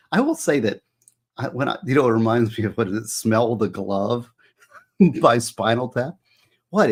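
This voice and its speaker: A man hosting a casual livestream as an author, musing aloud and asking viewers for their opinions. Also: medium pitch.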